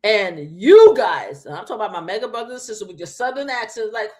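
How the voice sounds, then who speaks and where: A woman's voice: medium pitch, sing-song, fast, few pauses, darkish tone. A woman hosting a live stream, giving emphatic, repetitive commentary straight to her viewers from a home setup. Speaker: livestream host.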